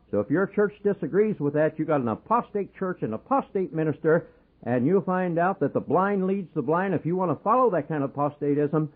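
A man preaching a fervent sermon on the radio, pleading and rising to loud exhortation, with a husky voice. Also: on the high side. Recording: tinny phone-like radio broadcast.

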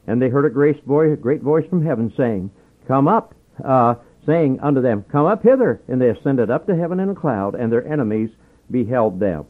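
A man's voice: medium pitch, lively intonation, normal speed. Fervent preacher man on tinny radio. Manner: fervent preaching, swinging from loud urging to hushed asides. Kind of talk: radio sermon. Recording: narrow lo-fi radio broadcast sound.

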